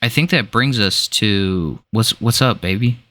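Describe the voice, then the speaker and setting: A man's voice: on the low side, a little slow, bright, forceful tone. A young man co-hosting a podcast, riffing and swearing in casual chat. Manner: joking, profane, riffing. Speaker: podcast co-host.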